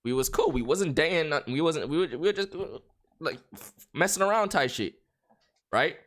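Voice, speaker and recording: A young man streamer spinning a story in loose, profane slang. His voice is bright, and his pitch jumps all over as he gets worked up. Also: normal speed. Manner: animated, slangy and profane, with lots of filler. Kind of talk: casual storytelling.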